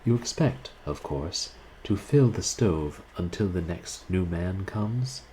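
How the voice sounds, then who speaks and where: Man voicing a pompous senior student, deep, slow, formal. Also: expressive, mellow, a little hiss or hum, poor audio. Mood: condescending. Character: stately, condescending senior male art student.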